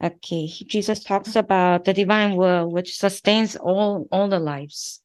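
A religious sister with a Korean accent, a native Korean speaker, reading devotional passages in a slow, careful way with small restarts. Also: female voice, mid-range voice, fairly even intonation, darkish tone, no room sound. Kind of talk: reading devotional texts aloud.

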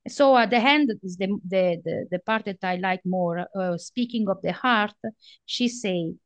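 A woman in a prayer group, haltingly reading a devotional prayer and reflecting on it over a video call. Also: mid-range voice. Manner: halting, searching for words.

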